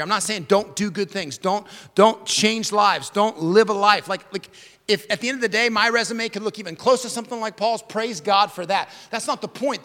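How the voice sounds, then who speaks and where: High-voiced pastor preaching in a reverberant hall. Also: male voice. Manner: emphatic, swinging from loud declarations to hushed near-whispers, repeats key words. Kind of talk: sermon.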